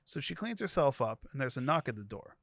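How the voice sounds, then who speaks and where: A man co-hosting a podcast, retelling a wild story in an animated, comedic way. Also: mid-range voice, a little fast, gravelly, no room sound, studio quality. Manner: animated storytelling, voicing each character. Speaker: podcast co-host. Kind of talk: comedic dramatic reading of a story.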